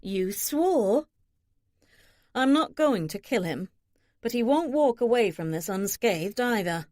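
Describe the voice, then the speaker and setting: A woman's voice: normal speed, no room sound, studio quality. A woman narrating a historical romance audiobook, giving characters light shifts in voice. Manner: expressive, shifts pitch for characters.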